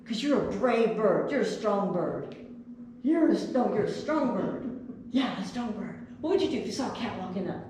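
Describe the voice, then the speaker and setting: Gentle coaxing woman puppeteer, echoey chapel. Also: medium pitch, animated, normal speed, far from the mic, a little hiss or hum. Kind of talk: children's puppet show.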